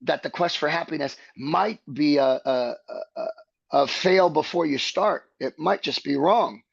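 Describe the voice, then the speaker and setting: Gravelly-voiced man, reflective and earnest. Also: on the high side, measured pace, no room sound, lo-fi sound. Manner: earnest, searching, builds ideas step by step. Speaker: podcast guest. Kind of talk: reflective conversation.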